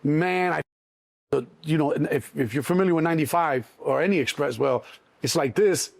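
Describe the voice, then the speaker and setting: A middle-aged man with a Chicago accent, telling a story in an interview, animated and swearing freely, acting out the other voices. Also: a little high, brisk, gravelly. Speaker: interview guest. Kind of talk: casual storytelling.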